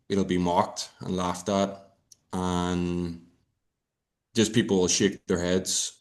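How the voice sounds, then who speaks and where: Irish guy on a podcast, low voice, lots of ums and swearing, loose chatty rambling. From Ireland. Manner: rambling, swearing, many fillers and restarts. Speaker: podcast guest. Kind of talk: casual podcast chat.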